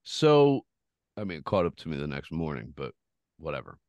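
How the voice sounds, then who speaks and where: A man's voice: rumbling low, normal speed, no echo. A man hosting a podcast, telling a rambling, profane story in casual chat. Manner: profane, rambling, animated retelling. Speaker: podcast host.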